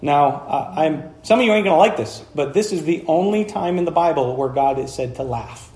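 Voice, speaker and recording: A man in his thirties preaches in a high, bright voice, talking to the congregation in a casual, lively way. He slips into acted-out voices to make his points. The sound has the roomy echo of a church hall. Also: normal speed. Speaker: pastor. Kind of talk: sermon.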